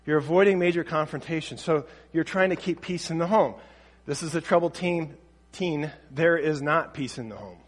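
A man's voice: a little high, normal speed. Conversational man in a reverberant space. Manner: conversational, acts out quoted dialogue. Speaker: parenting teacher. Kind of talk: casual talk on parenting.

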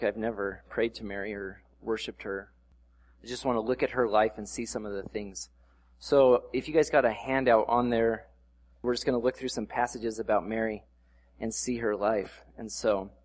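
A man praying and then preaching a casual, conversational sermon, with asides, growing louder and more excited as he reads scripture. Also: mid-range voice, long reverb tail. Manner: asides and self-corrections. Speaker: pastor.

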